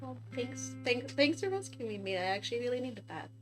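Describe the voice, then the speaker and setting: A woman voicing an awkward, shy young woman in a tabletop game, speaking quietly and hesitantly. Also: fairly high pitch, lively intonation, a little fast, loud music behind the voice, natural voice.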